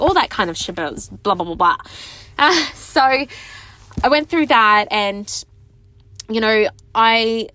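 A woman's voice: a little high, fairly bright tone, no echo. A woman in her twenties telling a personal story to her viewers, chatty and candid, with lots of "like" and self-mocking laughs. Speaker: vlogger.

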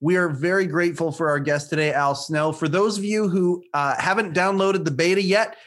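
Higher-voiced effusive male podcast host. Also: a little fast, fairly bright tone. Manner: effusive, repeats praise and thanks. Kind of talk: podcast interview.

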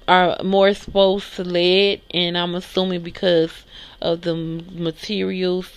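Woman, podcast host, slight lisp, gravelly fry, casual news chat. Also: on the low side. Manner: casual, chatty, reads articles aloud then reacts. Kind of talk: solo podcast news commentary.

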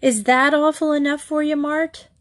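A woman voicing an excitable teenage girl who speaks in a breathless, urgent and emphatic way. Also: high-pitched, moderate pace, pitched above the performer's own voice, close to an everyday voice.

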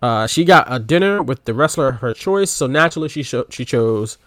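A man co-hosting a podcast in relaxed, offhand casual chat, full of little fillers. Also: mid-range voice, a little fast, no room sound, clean studio sound. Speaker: podcast co-host.

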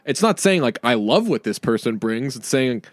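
A man's voice: medium pitch, big pitch swings, no room sound. A man co-hosting a podcast in casual chat, rambling and joking, often acting out other people's lines. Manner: rambling, jokey, quick to mimic people. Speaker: podcast co-host.

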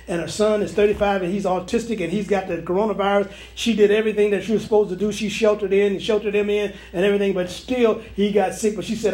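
A man's voice: high voice, darkish tone. A man, a pastor, preaching a prophetic sermon to online viewers, repeating and restarting phrases as he goes. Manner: preachy, repetitive, stammering restarts.

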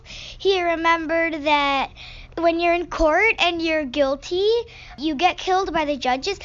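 A woman's voice: high-pitched, fairly bright tone, highs cut off. A girl student in a class, answering a question and thinking aloud with many fillers. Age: child.

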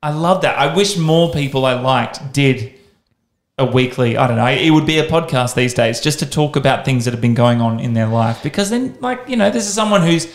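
A man's voice: mid-range voice, animated, a little fast. A man hosting a podcast, chatting casually and often restarting his sentences. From Australia. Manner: rambling, restarts sentences, enthusiastic. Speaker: podcast host. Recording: roomy echo.

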